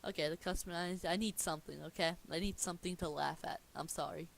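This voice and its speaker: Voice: mid-range voice, steady tone, fast talker, gravelly, slight background noise. A person casually reading a cartoon script aloud, rambling and commenting on their own slips. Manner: rambling, laughing asides, self-commentary. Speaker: script reader.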